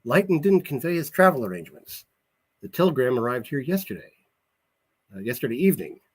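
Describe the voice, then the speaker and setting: A man reading his novel aloud, voicing a calm, formal middle-aged male director in a husky voice. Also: mid-range voice, a little fast, pitched above the performer's own voice.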